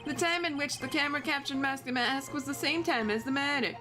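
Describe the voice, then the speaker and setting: A woman's voice: high-pitched, brisk, over music, natural voice. A woman reading the lines of a gloating male masked thief on trial in a courtroom game, in her own voice. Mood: smug. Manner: gloating, self-satisfied.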